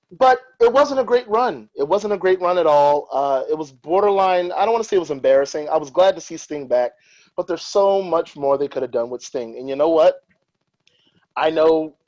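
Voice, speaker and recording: Male podcast host, fairly high voice, animated and opinionated, dull lo-fi sound. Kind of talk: casual chat.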